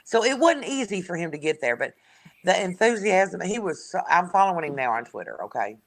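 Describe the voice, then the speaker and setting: A woman, a guest in a casual sports chat, telling lively stories and laughing often. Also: fairly low pitch, fairly quick. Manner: chatty storyteller who laughs often.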